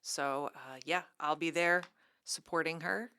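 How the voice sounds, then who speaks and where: Low-voiced upbeat woman library co-host. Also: a little slow, pushed and bright, clean tone. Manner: bubbly, enthusiastic asides. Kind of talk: casual chat, reading event announcements.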